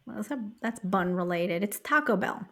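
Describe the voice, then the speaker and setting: A middle-aged woman co-hosting a relaxed podcast, reading out trivia questions slowly. Her voice sits at an ordinary middle pitch, and she often chuckles between questions. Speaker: podcast co-host, trivia reader. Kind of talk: casual podcast chat.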